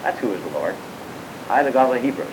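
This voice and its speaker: A Bible teacher gives a classroom lecture on scripture at a steady, middling pitch, talking fast. He questions his students as he works through the text, often pausing on "uh" and "by the way" asides. A faint low rumble and hiss run behind the recording.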